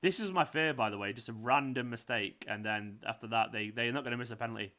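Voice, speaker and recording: Exasperated bright-voiced football fan. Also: male voice, medium pitch, quick pace. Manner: exasperated, swearing, shouting at players. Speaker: fan channel host. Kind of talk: live football watchalong reaction.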